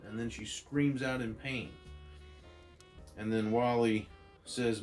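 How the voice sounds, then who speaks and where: A man's voice: mid-range voice, steady tone, slow, pauses often, a little mellow, faint music behind. A man casually retelling a comic book story aloud, loose and full of fillers. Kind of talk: casual read-aloud narration.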